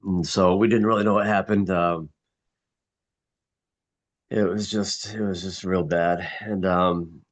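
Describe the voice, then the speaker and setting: Very deep-voiced grieving man, halting. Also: fairly even intonation. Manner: halting, somber, many restarts. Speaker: mastermind group member. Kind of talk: casual chat.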